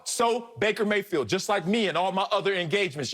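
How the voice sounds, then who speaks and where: A man's voice: lively intonation, a little fast, few pauses, fairly bright tone. A middle-aged man co-hosting a sports talk show, arguing emphatically and playfully. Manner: emphatic, playful, swoops high and low. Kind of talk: animated sports debate.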